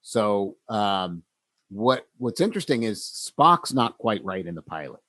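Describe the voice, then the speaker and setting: A man's voice: fairly low pitch, sing-song, a little slow, a bit bright, no room sound. Reflective male podcast co-host, dry sound. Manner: reflective, many fillers and restarts. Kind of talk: casual conversational podcast.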